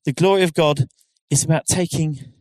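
Middle-aged male pastor, earnest, conversational preaching style, slightly high voice, dry close recording. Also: fairly even intonation, moderate pace, darkish tone, no echo. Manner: conversational, earnest, with frequent restarts and rhetorical questions. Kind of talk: sermon.

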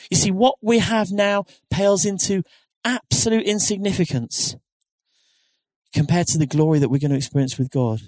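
A middle-aged man delivers a sermon in an earnest, conversational manner, stopping to rephrase himself and asking the room rhetorical questions. His voice sits a little high for a man and is recorded close and dry, with hardly any room sound. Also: a little mellow, dry recording. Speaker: pastor.

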